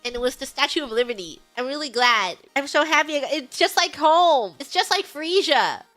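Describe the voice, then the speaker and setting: High-voiced woman telling a lively story. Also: brisk, soft background music. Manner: animated, laughs often, acts out quoted lines. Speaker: streamer. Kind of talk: casual storytelling chat.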